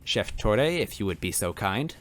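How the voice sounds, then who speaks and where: A man's voice: fairly low pitch, big pitch swings, moderate pace, fairly bright tone, soft background music. A man voicing a tough, bossy young female goomba police officer who talks in a smug, demanding way.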